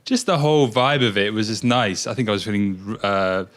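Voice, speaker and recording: A man's voice: lowish voice, moderate pace, a bit bright. Easygoing male co-host with restarts. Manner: easygoing, self-deprecating, trailing restarts. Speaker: co-host of a climbing news show. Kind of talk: casual chat.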